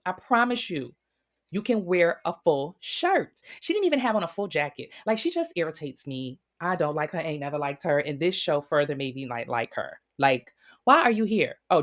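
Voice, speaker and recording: Woman, low deep voice, blunt profane gossip recap. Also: a little fast. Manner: blunt, profane, animated storytelling. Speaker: recap host.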